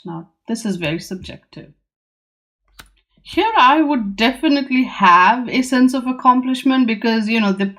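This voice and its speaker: Chatty woman musing over tarot cards. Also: mid-range voice. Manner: musing, chatty, acts out the figures on the cards in quick asides. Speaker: tarot teacher and channel host. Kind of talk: casual talk-through of tarot cards.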